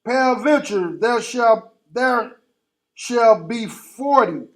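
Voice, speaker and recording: A man reading scripture aloud in a Bible class, steady and formal, going through old-fashioned verse verse by verse. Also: very high voice, slow pace. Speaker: scripture reader.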